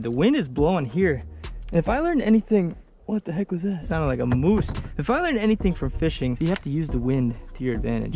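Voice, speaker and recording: An excitable young man talks to the camera while fishing from a boat on a lake. His voice sits a little high but sounds mellow and warm. Faint music plays under his casual outdoor talk. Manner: excitable, exclaims often. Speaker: fishing vlogger.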